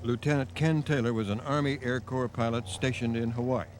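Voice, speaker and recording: A man narrating a television news documentary in a measured, grave scripted delivery. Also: mid-range voice, steady tone. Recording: faint noise on a VHS broadcast.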